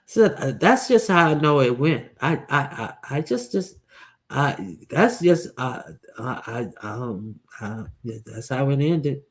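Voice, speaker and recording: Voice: medium pitch, expressive, a little slow. A commentator talking casually and bluntly, recounting events with many restarts and fillers.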